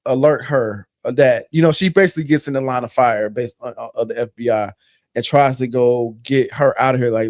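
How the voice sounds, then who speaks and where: A man's voice: medium pitch, fairly quick, no room sound, clean studio sound. A man co-hosting a podcast, giving a loose, rambling plot recap full of slang and cursing. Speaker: podcast co-host. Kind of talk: casual movie recap chat.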